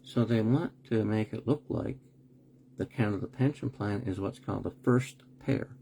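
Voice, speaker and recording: He speaks at normal speed in a fairly low, mellow voice with vocal fry, and a little hiss or hum runs underneath. The broadcast is live-streamed commentary, delivered bluntly with rhetorical questions and sarcastic remarks, plus a swear word when something bugs him.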